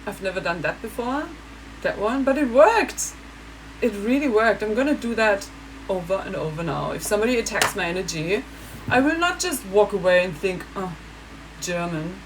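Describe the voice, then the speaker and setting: Woman vlogger, lively storyteller who laughs a lot, mid-range voice, light background hiss. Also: mid-range voice, moderate pace, poor audio. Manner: animated, laughing, acts out other people. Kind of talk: casual monologue.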